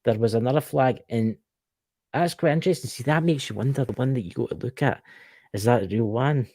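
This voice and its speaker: A man's voice: mid-range voice, brisk, darkish tone, dry recording. A Scottish man co-hosting a casual live stream, reading history aloud with stumbles and jokey mock outrage. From Scotland.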